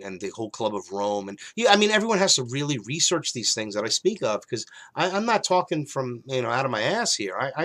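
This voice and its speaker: Rambling man host, mocking tone. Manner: rambling, mocking, swings between loud emphasis and low mutters. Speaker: show host. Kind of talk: rambling monologue commentary.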